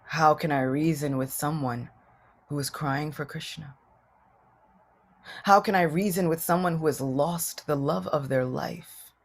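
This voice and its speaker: Brief: a woman doing a sorrowful male royal advisor, eloquent but humbled, with a husky voice. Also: deep voice, fairly even intonation, measured pace. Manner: earnest, sorrowful storytelling.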